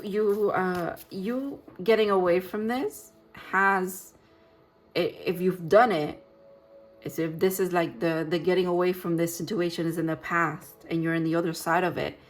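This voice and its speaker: A woman giving a gentle, reassuring tarot reading, talking in loose, rambling sentences with restarts. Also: on the low side, steady tone, measured pace, soft background music. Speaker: tarot reader. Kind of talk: pick-a-card tarot reading.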